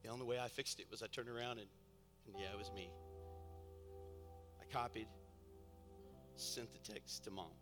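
A man preaching a sermon, exhorting with repetition and swinging from hushed, quiet passages to loud emphatic ones. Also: fairly low pitch, fairly even intonation, moderate pace, pauses often. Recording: reverberant hall with faint music.

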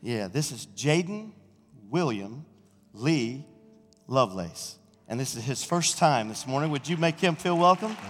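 A middle-aged senior pastor, preaching an exuberant sermon and shouting praise in a church sanctuary. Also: male voice, medium pitch, expressive, a little slow, soft background music. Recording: reverberant church hall.

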